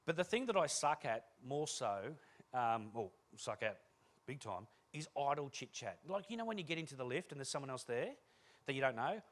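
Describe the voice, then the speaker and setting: A man's voice: mid-range voice, animated, moderate pace. A man giving a humorous keynote talk on stage, telling self-deprecating anecdotes and acting out the dialogue. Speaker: keynote speaker.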